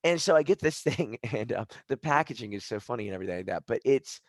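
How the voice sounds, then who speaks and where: A man hosting a podcast, rambling in casual chat while high, swearing and restarting his sentences. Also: animated, quick pace, no echo. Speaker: podcast host.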